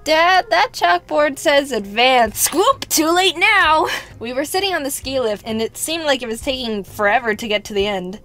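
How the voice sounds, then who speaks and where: A young woman narrates a personal story in a playful, sarcastic scripted style. Her voice sits fairly high, and faint music plays behind her. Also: expressive, normal speed, bright, forceful tone. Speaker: animated storyteller.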